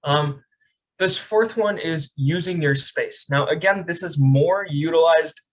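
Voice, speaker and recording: A man's voice: fairly high pitch, unhurried, poor audio. A young man teaching a public speaking class over a video call, casual and chatty, often checking in with "right?". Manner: casual, frequent "right?" check-ins and fillers. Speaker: speech coach. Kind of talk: online class lecture.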